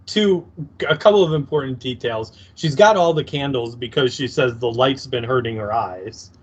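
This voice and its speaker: A man's voice: medium pitch, normal speed, husky, dull audio. A man co-hosting a podcast, chatting about an episode in an incredulous tone and often restarting his sentences. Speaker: podcast co-host. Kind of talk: casual episode recap chat.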